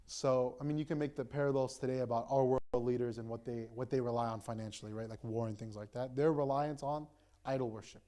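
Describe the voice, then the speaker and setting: A man's voice: medium pitch, steady tone, fast talker, mellow. A young man in the role of an imam, telling a story in a casual sermon with frequent "right?" and "like" fillers. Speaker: imam giving a talk.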